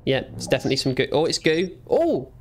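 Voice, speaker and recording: A man's voice: fairly high pitch, very animated, fast. A young man giving playful let's play commentary, teasing and talking back to the game's characters. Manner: jokey, teasing, talks back to game characters. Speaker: gamer.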